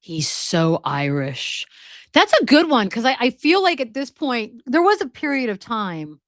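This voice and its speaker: A woman co-hosting a podcast in rambling casual chat, full of quick asides. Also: a little high, very animated, fairly bright tone, no echo, clean studio sound. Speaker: podcast co-host.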